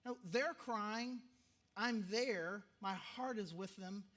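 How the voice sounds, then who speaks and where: A man's voice: high voice, takes it slowly, fairly bright tone. A man who is a pastor, preaching a sermon in a conversational way, often repeating himself for emphasis. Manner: conversational, self-interrupting, emphatic repetitions.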